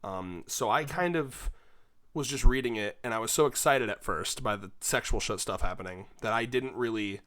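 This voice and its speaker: A man's voice: medium pitch, normal speed, a bit bright, no echo, clean studio sound. A tired young man co-hosting a casual chat, rambling and self-mocking, with lots of restarts and swearing. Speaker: podcast co-host.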